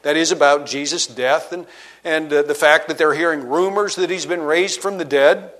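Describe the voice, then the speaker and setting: A man preaching a sermon, reading scripture aloud and retelling it in everyday words, dropping low and quiet to stress key points. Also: normal speed. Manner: expository preaching, reads scripture aloud and paraphrases it conversationally; dynamic delivery, drops low and quiet for emphasis. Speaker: pastor.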